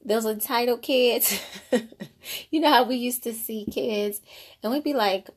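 A woman's voice: fairly high pitch, a little slow. A woman in her thirties, a mother of two, talking casually about parenting and faith in a rambling, conversational way. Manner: conversational, rambling, frequent "you know". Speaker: mother sharing parenting thoughts. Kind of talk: casual faith-based monologue.

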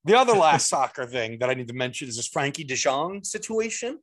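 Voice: mid-range voice, big pitch swings, a little fast, fairly bright tone. A podcast host in casual chat, ranting with sarcastic, profane asides.

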